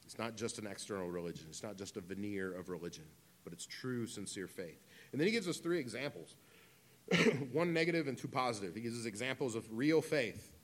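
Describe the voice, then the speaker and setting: A man's voice: fairly low pitch, lively intonation, brisk. A man in his thirties preaching a conversational sermon, with humorous asides and casual phrasing. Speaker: pastor.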